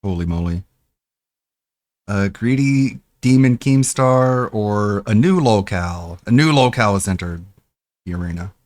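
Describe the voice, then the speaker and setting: Low-voiced male streamer, dry sound, snarky reaction commentary. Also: lively intonation, unhurried, a little mellow, dry recording. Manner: mocking, laughing, scornful asides.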